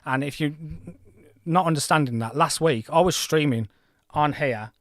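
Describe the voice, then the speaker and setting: A man's voice: a little high, moderate pace, no echo, clean studio sound. A man in his forties hosting a gaming livestream, chatting in a rambling, self-deprecating way. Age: 40s. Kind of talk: casual livestream commentary.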